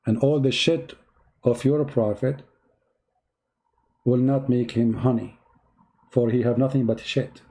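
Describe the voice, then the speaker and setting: A man's voice: mid-range voice, fairly even intonation, unhurried, gravelly, long pauses, dark tone. A man giving mocking, emphatic religious commentary in non-native English, full of sarcasm. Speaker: religious debater.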